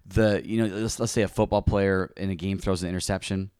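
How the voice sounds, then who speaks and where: A man's voice: low-pitched, fairly even intonation, fairly quick, a little mellow, clear, resonant tone, no echo, clean studio sound. A man who is a pastor, telling a personal testimony in conversation, earnest and confessional.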